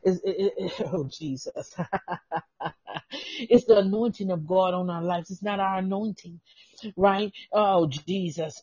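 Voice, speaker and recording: Tearful husky-voiced woman pastor preaching. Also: mid-range voice, a little slow, no room sound. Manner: fervent, cries out praise, breaks into tongues. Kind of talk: emotional sermon. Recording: dull lo-fi dry recording.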